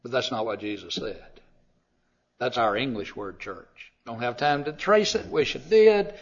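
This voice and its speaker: A man preaching a sermon, emphatic, swinging from loud declarations to quiet asides. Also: mid-range voice, expressive, unhurried, husky. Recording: dull lo-fi sound.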